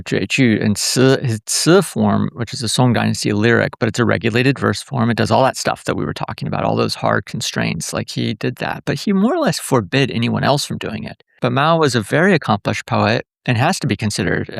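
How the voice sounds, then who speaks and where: A man's voice: lowish voice, gravelly, dry recording, clean studio sound. A man who is a professor, explaining eagerly in a podcast interview with many fillers and restarts. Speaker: guest professor.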